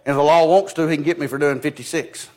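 A man preaching a folksy sermon with a fairly high-pitched voice. He tells stories in a down-home way and keeps saying "he said." His delivery swings from loud, emphatic declarations to low, quiet asides. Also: fairly even intonation, fast talker. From United States. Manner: folksy, storytelling with repeated "he said".

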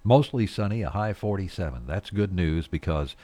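A man's voice: sits low, lively intonation, moderate pace, dark tone, dry recording. A middle-aged man hosting a morning radio show, chatting casually in a rambling, folksy way with frequent chuckles. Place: radio studio.

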